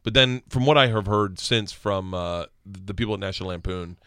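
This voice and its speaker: Loud laughing storyteller man. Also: deep voice, fairly even intonation, moderate pace, clean tone, no echo, clean studio sound, soft background music. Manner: loud, laughing, acts out voices in his stories. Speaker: stand-up comedian guest. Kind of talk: animated storytelling on a podcast.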